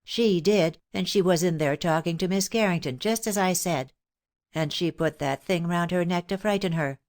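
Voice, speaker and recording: A woman reading an audiobook, voicing an excitable young woman who speaks in a shrill, frantic way. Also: normal speed, lightly acted.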